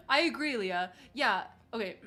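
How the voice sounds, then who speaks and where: A woman's voice: medium pitch, a bit bright. A young woman streaming, chatting casually and reading chat aloud, saying "like" a lot and laughing often.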